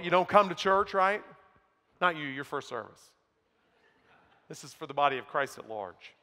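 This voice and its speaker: Male pastor, high bright voice, emphatic preaching with hushed asides, big church reverb. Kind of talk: sermon. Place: church sanctuary. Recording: long hall reverb.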